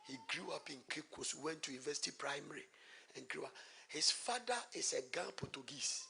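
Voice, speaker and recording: A man with a Ghanaian accent preaching a sermon in church. He moves from hushed storytelling to loud, emphatic preaching and repeats key phrases as he asks the congregation rhetorical questions. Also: on the high side, brisk, vocal fry.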